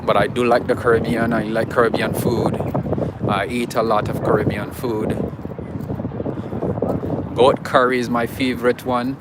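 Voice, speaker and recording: A man's voice: mid-range voice, flat delivery, moderate pace, pauses often. Man livestreaming on a noisy street. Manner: chatty, reads out viewer names and greets them. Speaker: livestream host. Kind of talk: casual livestream chat with viewers. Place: outdoors on a city street. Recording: outdoor livestream with clear street noise. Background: street traffic.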